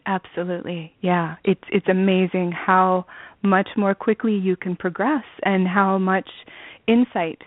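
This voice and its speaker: A woman's voice: medium pitch, steady tone, unhurried, no room sound. Earnest woman guest on a tinny line. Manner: earnest, with fillers like "you know". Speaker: interview guest, spiritual student. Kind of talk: conversational interview. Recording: dry, tinny phone-like line.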